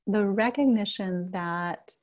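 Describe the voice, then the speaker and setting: A middle-aged woman leading a guided meditation and talk on self-compassion, speaking gently and unhurriedly. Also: mid-range voice, slow pace. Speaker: meditation teacher.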